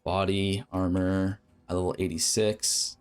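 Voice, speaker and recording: A man's voice: sits low, little pitch movement, a little slow, smooth, soft background music. A man streaming a game, casually thinking aloud through a crafting plan and correcting himself as he goes. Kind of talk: explaining a game crafting strategy.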